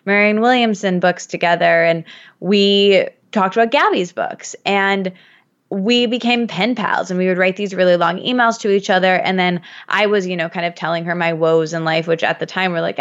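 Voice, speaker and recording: This podcast guest, a woman in her thirties from Michigan, USA, speaks at a moderate pace with a fairly low pitch and steady tone. Her casual conversation is chatty, rambling storytelling with plenty of fillers, and the audio is slightly muffled.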